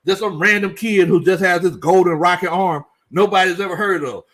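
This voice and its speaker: A man with a high-sitting voice, fairly quick and fairly bright in tone, hosts a casual sports commentary livestream. He reads out chat comments, jokes around, and repeats lines for emphasis.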